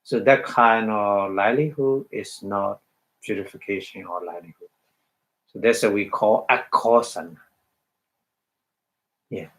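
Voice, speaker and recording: A man giving a dharma talk as a Buddhist meditation teacher, halting, repeating phrases and checking in with his listeners. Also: fairly low pitch, a bit bright, rough recording.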